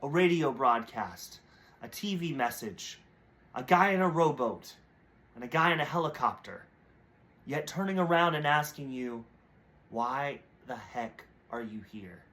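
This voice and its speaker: A man with a high, bright voice delivers a short devotional message. He tells a parable in a storytelling way, briefly voicing its characters before he draws the lesson. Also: expressive, moderate pace. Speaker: preacher.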